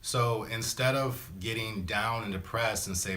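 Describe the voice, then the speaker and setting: A man's voice: low voice, moderate pace, pushed and bright. A man, a spiritual self-help vlogger, talking casually and rambling, with lots of slang fillers and small acted-out voices for his examples. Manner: acts out little voices for examples. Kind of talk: casual motivational talk to camera.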